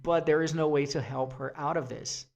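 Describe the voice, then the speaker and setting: Man, spoken essay, rambling, casual swearing, gravelly voice, slightly high. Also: normal speed, darkish tone, highs cut off. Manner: rambling, restarts, swears casually, acts out quotes. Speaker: essay vlogger. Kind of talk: free-form spoken essay.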